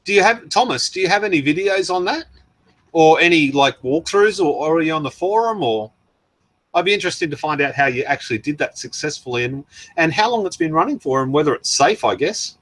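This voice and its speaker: A man's voice: a little high, animated, a little fast, fairly bright tone, no echo. Chatty Australian man on a livestream. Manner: chatty and rambling, laughs often, answers viewer chat. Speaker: livestream host. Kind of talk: casual livestream chat reading comments.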